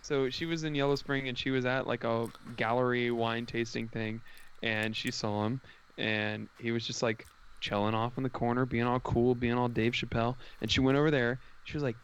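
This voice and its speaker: Man, co-host, teasing banter, relaxed, middle pitch. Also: moderate pace, clear, resonant tone, dull audio. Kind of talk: casual chat.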